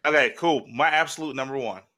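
Bright-voiced man rambling excitedly. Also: medium pitch, fairly quick. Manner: rambling and excitable, many restarts. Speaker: podcast co-host. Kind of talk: casual podcast chat.

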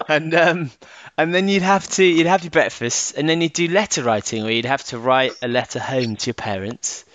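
A man co-hosting a podcast in casual chat, laughing often and swinging between high and low. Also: normal speed, fairly bright tone, no echo. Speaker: podcast co-host.

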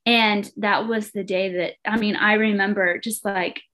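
A woman's voice: mid-range voice, steady tone, measured pace, fairly bright tone. A woman guest on a podcast, telling her personal faith story in an earnest, heartfelt way. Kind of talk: personal testimony in conversation.

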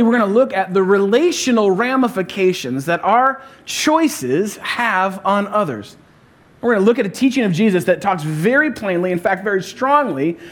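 A man preaching a sermon as a pastor, telling stories in a humorous, conversational way. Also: high-pitched.

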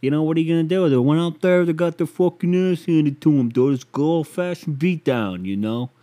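Sarcastic guy ranting on his podcast, swears a lot, kinda mellow dark voice. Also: fairly high pitch, quick pace. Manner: profane, sarcastic, rambling. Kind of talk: casual comedic rant.

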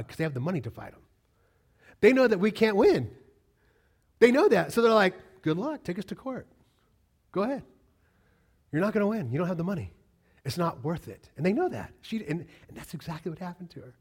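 A man with a fairly high voice preaches a sermon. He is animated, pressing his listeners with rhetorical questions. His loud, emphatic lines give way to quieter, lower asides. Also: husky. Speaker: pastor.

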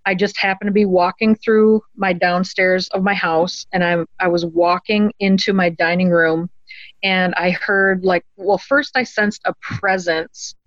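Guest storyteller: woman, middle pitch, earnest and halting, dry and slightly muffled audio. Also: fairly even intonation, no room sound. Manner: earnest, halting, many ums and restarts. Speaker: guest telling a personal story. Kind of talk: conversational storytelling.

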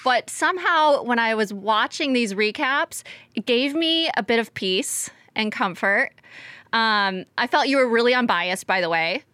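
Woman podcast co-host, casual chat, chatty with light laughs, bright tone, dry close sound. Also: on the high side, lively intonation, measured pace, no echo.

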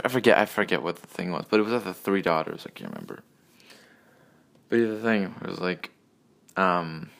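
A man with a lowish voice rants alone on his podcast. He swears freely, trails off, restarts, and drifts from one aside to the next with a sarcastic edge. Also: a bit bright, clean tone. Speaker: podcast host. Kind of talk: solo ranting monologue.

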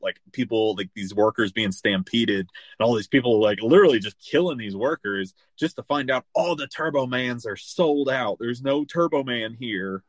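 A man's voice: mid-range voice, no room sound. A young man hosting a casual movie podcast, talking loosely with lots of fillers and bursts of laughter. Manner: animated, laughing, quoting scenes in put-on voices. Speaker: podcast host.

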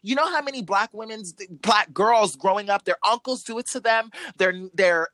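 A woman's voice: medium pitch, moderate pace, fairly bright tone, no echo. A woman in a heated, profane casual chat, ranting angrily as a co-host.

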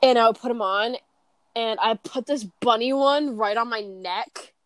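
A young woman in casual chat, telling animated stories with giggles, swearing and acted quotes. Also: on the high side, normal speed, no echo.

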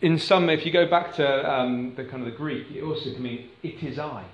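A man's voice: medium pitch, normal speed, reverberant, muffled recording. A man preaching a sermon to a congregation in a church, conversational and asking the room questions. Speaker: pastor. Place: church hall.

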